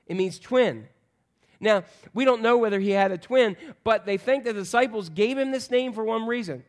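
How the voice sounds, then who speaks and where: The pastor's voice is high-pitched and his speed normal as he gives a casual, humorous sermon. He quizzes the congregation throughout.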